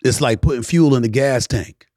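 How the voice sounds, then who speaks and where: A middle-aged man hosting an animated talk-show monologue, emphatic and preachy, swinging from loud declarations to hushed asides. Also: mid-range voice, normal speed, dry recording, studio quality. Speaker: sports talk host.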